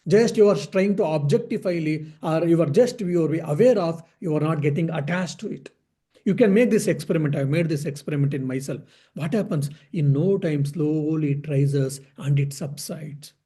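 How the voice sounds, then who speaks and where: A man's voice: on the high side, normal speed, warm tone, husky. A man, a monk, giving a spiritual discourse on Vedanta, explaining patiently, asking and answering his own questions and repeating key phrases.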